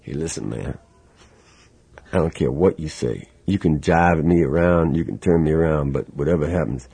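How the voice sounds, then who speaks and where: A man's voice: rumbling low, moderate pace, gravelly, mellow, husky, dry recording, heavily acted. A man quoting a laid-back, menacing male star who lectures him in a drawl.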